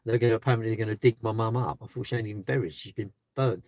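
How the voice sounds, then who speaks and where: A man's voice: lowish voice, very fast, a little mellow, no room sound. Man, live stream chat, parked car, rambling, rhetorical questions, dry close sound. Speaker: livestreamer.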